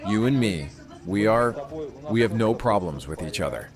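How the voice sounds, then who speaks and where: A man's voice: lowish voice, lively intonation, normal speed. A father on a phone call, pleading and scolding a child. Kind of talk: phone conversation.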